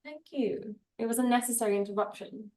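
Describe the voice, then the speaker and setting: A woman's voice: on the high side, fairly quick, darkish tone. Chatty woman podcaster, roomy echo. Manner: chatty, teasing, self-deprecating. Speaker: podcast co-host. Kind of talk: casual chat.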